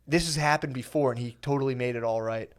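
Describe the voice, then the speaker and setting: A young man telling a profane, animated comedy story on a podcast, acting out the quoted lines. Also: mid-range voice, quick pace. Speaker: podcast guest.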